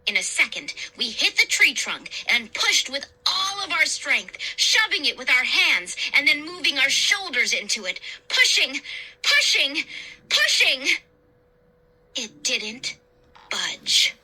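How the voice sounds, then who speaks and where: A woman's voice: high voice, big pitch swings, unhurried, pushed and bright, slightly rough, rough recording. A woman narrating a children's horror novel with theatrical emphasis, acting out the cries.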